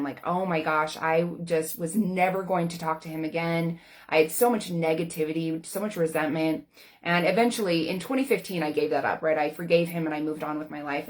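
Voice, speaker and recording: A woman in her forties, a life coach, talking candidly to camera in a casual, earnest way with plenty of everyday fillers. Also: low voice. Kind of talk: personal talk to camera.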